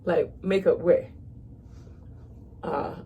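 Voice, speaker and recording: A chatty woman in her thirties talks straight to the camera as she does her makeup, calling viewers "y'all" in a loose, easygoing way. Her voice sits on the low side, and faint room noise hums behind her. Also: steady tone, drawn-out words, phone-quality sound. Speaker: makeup vlogger. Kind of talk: casual makeup tutorial chat.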